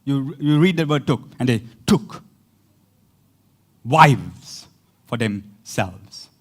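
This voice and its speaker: A man preaching a sermon as pastor, animated, repeating words for emphasis and breaking into laughing asides. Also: medium pitch, takes it slowly, slightly rough.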